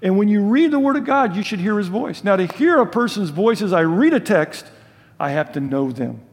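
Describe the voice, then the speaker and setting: An older pastor delivers a sermon in a large hall, speaking conversationally and expressively at a moderate pace. He asks his listeners questions and shifts from loud emphasis to soft, low asides.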